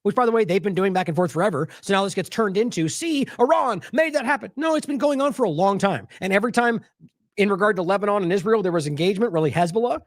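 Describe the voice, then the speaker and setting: Male commentator, fairly high voice with wide swings, sarcastic, dry close mic. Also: racing, dry recording. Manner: animated, sarcastic, mocks quotes in exaggerated voices; talks in bursts with restarts while scrolling sources. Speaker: independent news commentator. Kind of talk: solo news commentary.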